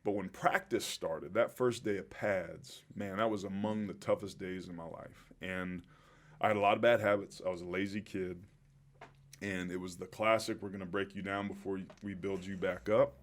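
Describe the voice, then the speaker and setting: A man in his forties with a fairly low voice tells his life story as a podcast guest. He speaks in a reflective, heartfelt way and lets his emotion show. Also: fairly even intonation, moderate pace. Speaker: podcast guest, former pro football player. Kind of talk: interview storytelling.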